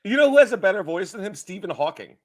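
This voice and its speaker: A man co-hosting a comedy podcast, reacting to clips in an animated, joking way. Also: sits high, fast, dry recording. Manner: animated, laughing. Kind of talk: casual comedic reaction commentary.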